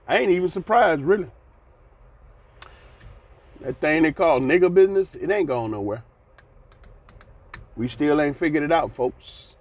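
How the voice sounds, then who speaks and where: Blunt older man in a fed-up rant. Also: fairly high pitch. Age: 60s. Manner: blunt, preachy, folksy ranting, sighing. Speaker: commentator. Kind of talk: casual commentary vlog.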